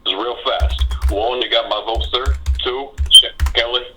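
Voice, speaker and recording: A man's voice: medium pitch, steady tone, unhurried, over music, low-quality recording. A man with a Tennessee accent calling into a live show, very polite and forever saying sir. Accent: Southern American, Tennessee. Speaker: caller.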